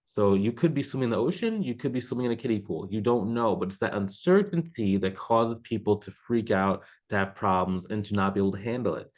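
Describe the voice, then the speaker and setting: A man with a fairly low voice talks through business advice in a loose, rambling way, leaning on fillers as he goes. The audio sounds a little dull and lo-fi. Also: animated, a little fast, few pauses, a little mellow. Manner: loose and conversational, many fillers. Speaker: business coach. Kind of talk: casual advice talk to camera.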